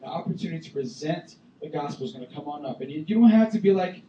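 A man preaching a sermon as a youth pastor, animated, bursting into loud acted-out voices. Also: on the high side, quick pace, few pauses, lo-fi sound, slight background noise. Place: church sanctuary. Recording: echoey room, voice from far off the mic.

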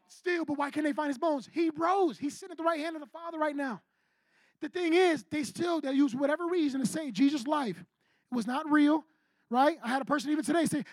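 Young male youth pastor, high voice, blunt and slangy, dry recording. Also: a little mellow, no room sound. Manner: slangy, direct preaching with acted-out quotes. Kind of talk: sermon. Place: church youth service before a live group.

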